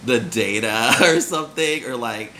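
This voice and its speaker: Slow rambling young man, bright voice. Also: medium pitch, slight background noise. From grew up in Nevada. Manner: rambling, filler-heavy, giggly, laughs often. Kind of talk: casual rambling monologue.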